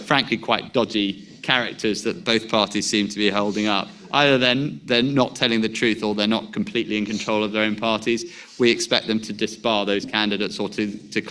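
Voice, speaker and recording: A man leading a panel at a formal meeting, answering questions in a measured way and restarting when he stresses a point. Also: lowish voice, a bit bright, clear, resonant tone.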